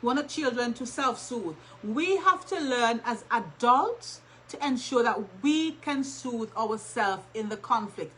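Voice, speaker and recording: A woman's voice: a little high, expressive, measured pace, few pauses, fairly bright tone, poor audio. A woman co-hosting a casual advice talk, speaking emphatically and repeating her key points. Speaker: co-host.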